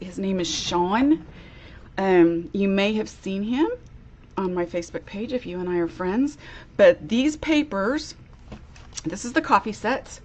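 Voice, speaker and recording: A woman giving a chatty live-streamed craft demo, greeting viewers by name in a bubbly, casual way. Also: medium pitch. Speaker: crafter demonstrating a product.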